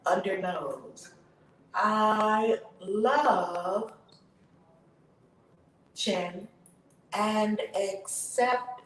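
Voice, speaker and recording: A woman hosting her channel, leading a guided tapping session with slow, drawn-out chanted affirmations that turn breathy and emphatic. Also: medium pitch. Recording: echoey room, distant mic, faint noise.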